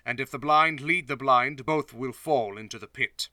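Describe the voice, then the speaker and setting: A man voicing a solemn male teacher who speaks in a quiet, low, measured way. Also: dry recording. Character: calm, solemn male teacher rebuking critics.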